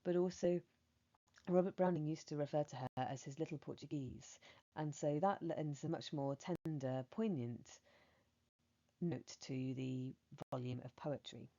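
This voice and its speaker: A woman teacher giving a measured, explanatory revision lesson, reading poetry aloud and talking through it. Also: sits low, dark tone, muffled recording. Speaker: English teacher.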